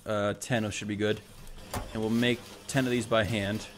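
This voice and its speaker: A man whose voice sits on the low side speaks with flat delivery at a moderate pace, with background noise present. As a let's play host, he casually narrates his game, thinks aloud, corrects himself, and addresses the robot units.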